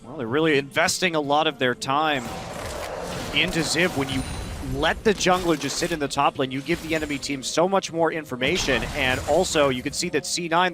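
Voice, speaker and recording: A man doing color commentary on an esports match, explaining the strategy behind each play. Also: on the high side. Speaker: esports analyst.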